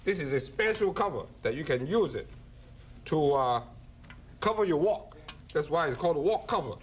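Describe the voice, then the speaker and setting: Brief: high-pitched, bouncy male cooking host, playful and jokey, clear kitchen clatter. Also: expressive, normal speed. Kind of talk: cooking demonstration. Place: studio kitchen. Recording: kitchen clatter and chopping noise.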